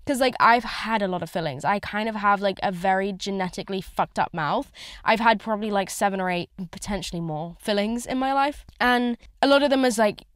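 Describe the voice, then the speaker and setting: A woman rambles through a candid solo podcast from inside her car, swearing and filling gaps with "like". Her voice sits at a middling pitch. The sound is dry and close, with no room ring. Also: a little fast, a bit bright, clean tone, no echo. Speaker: podcast host. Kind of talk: casual solo podcast chat.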